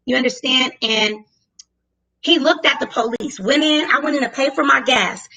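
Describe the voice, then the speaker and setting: A woman with a high, piercing voice tells a story in casual conversation. She is animated and profane, and she acts out her own lines loudly. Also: moderate pace, poor audio. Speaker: guest telling a story.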